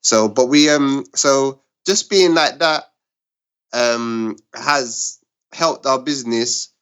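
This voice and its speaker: A man who co-owns a restaurant, answering interview questions in an earnest, halting way with many restarts. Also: mid-range voice, a bit bright, smooth. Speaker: restaurant co-owner, guest.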